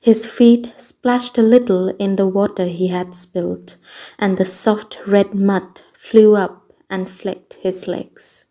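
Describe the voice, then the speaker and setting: A woman storyteller reading a novel aloud in calm, measured narration. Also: mid-range voice. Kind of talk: audiobook reading. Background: soft ambient music.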